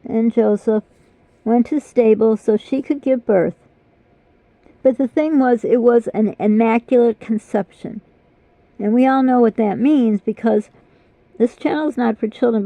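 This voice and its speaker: An older woman with a fairly high, gravelly voice, chatting on her vlog in a rambling, apologetic way while her mouth hurts. The recording is dull, lo-fi and very dry. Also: no room sound. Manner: rambling, apologetic, self-deprecating. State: mouth pain. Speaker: vlogger. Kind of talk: casual chat.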